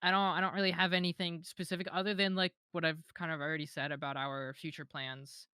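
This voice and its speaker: A woman's voice: lowish voice, level tone, fast, sharp tone, clean tone, dry recording, clean studio sound. A young woman talking casually as an interview guest, hesitant with many fillers and restarts, giggling now and then. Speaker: modpack creator, interview guest.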